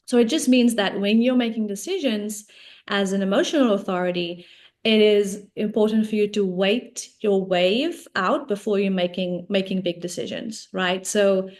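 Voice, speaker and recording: A woman's voice: medium pitch, steady tone, normal speed, a little mellow. A woman coach, a guest on an interview show, explaining ideas in a casual, talkative way, often checking in with "right?".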